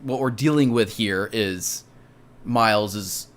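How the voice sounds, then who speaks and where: A man's voice: on the low side, takes it slowly. A man co-hosting a podcast in casual chat, thoughtful and teasing, asking lots of questions. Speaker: podcast co-host.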